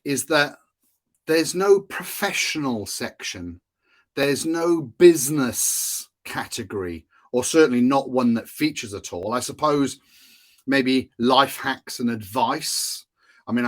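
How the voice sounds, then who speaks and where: A man from Wales teaching in a chatty, casual way, often checking in with his listeners. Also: medium pitch. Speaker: course instructor.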